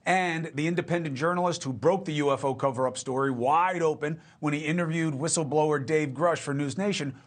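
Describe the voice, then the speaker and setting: Punchy cable news host, higher-pitched man. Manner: punchy and conversational.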